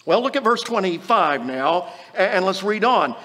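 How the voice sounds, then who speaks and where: Man, preacher, earnest Bible teaching, high voice, long reverberant hall. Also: big pitch swings, bright, forceful tone. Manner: earnest, explanatory, slows down to quote scripture.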